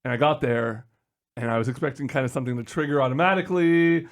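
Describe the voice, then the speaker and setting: A man's voice: mid-range voice, fast talker. A man co-hosting a podcast, telling a rambling story in casual chat with many fillers. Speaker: podcast co-host.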